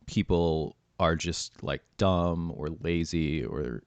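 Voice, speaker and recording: Deep-voiced rambling male podcast host. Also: smooth, no echo. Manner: rambling, filler-heavy, quick to laugh. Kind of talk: casual podcast chat.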